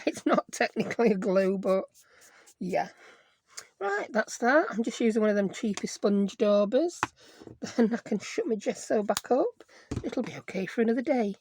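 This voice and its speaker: A woman's voice: medium pitch, lively intonation, normal speed, a little mellow, slight background noise. A woman hosting a casual craft tutorial, chatty and self-deprecating, thinking aloud as she works. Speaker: craft video host.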